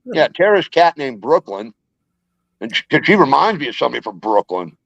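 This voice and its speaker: A man's voice: mid-range voice, sing-song, fairly quick, creaky, fairly bright tone, no room sound. A man telling rambling, jokey stories in a casual chat as a guest. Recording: dull lo-fi dry sound.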